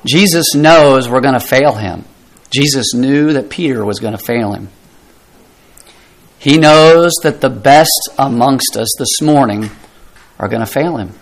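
A man's voice: mid-range voice, a little slow, rough recording. A middle-aged man preaching a sermon, earnest and emphatic, asking rhetorical questions and dropping his voice for effect. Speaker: pastor.

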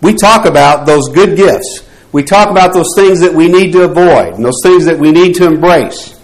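A man's voice: on the high side, normal speed, low-quality recording. A man teaching a Bible class, posing rhetorical questions to the group and often restarting his phrases.

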